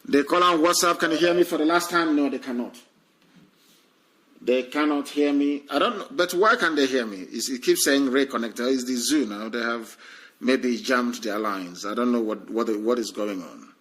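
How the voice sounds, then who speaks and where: A man's voice: mid-range voice, moderate pace, fairly bright tone, poor audio. A man hosting a live call-in stream, fervent and repetitive, often talking over his callers. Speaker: live stream host taking calls. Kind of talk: call-in talk show.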